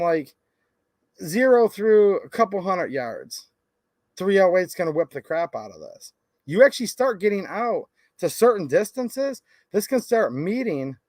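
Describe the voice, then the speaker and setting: A man in his thirties who runs a gun channel vents and chats in a rambling, laid-back way, saying "like" a lot. His voice is high-pitched with no room sound.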